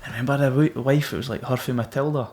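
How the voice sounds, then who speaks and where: A man's voice: mid-range voice, fairly even intonation, racing, a little mellow. A young Scottish man, a former Marine guest on a podcast, telling stories in casual, sweary banter. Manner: swearing, banter-filled storytelling. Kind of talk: casual chat.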